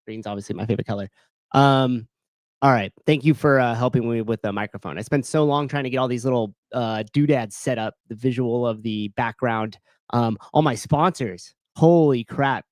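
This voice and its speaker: Male streamer-host, casual chatty rambler, average pitch, dead-dry room. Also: moderate pace, a little mellow, no room sound. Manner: rambling, self-interrupting, reads live chat. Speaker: show host. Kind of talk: casual livestream chat. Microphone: desk mic.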